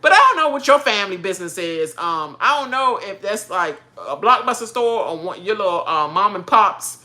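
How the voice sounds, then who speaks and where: A woman with a bright, forceful voice rants about a reality show in casual, animated chat. She talks at a middle pitch. She laughs often and mocks the people she is talking about. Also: normal speed. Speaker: reality show reaction host. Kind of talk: casual ranting commentary.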